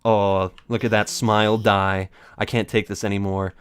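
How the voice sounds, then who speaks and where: A man's voice: lowish voice, flat delivery, normal speed, clear, resonant tone, no room sound. A man doing let's play commentary, rambling in a theatrical, mock-dramatic way.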